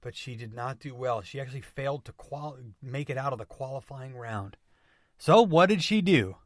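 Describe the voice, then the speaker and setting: A man hosting a motivational podcast, speaking with energetic emphasis and returning to catchphrases again and again. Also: mid-range voice, normal speed, dry recording, studio quality. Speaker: podcast host.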